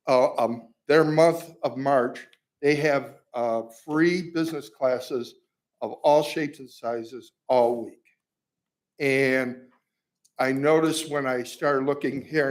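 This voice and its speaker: Rambling man at a council podium. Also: mid-range voice. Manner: rambling, self-deprecating, speaks in loose restarts. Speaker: resident speaking at public comment. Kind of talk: public comment at a council meeting. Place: city council chamber. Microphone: podium microphone.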